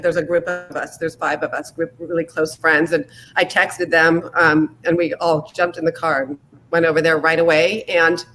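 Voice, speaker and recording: A woman hosts a live online show and introduces her guest with many pauses and fillers. Her speech sounds emotional and unsteady. A faint room ambience sits under her voice. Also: on the low side, a bit bright, slight background noise, poor audio. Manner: halting, filler-heavy, emotional. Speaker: livestream show host. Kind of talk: casual heartfelt introduction.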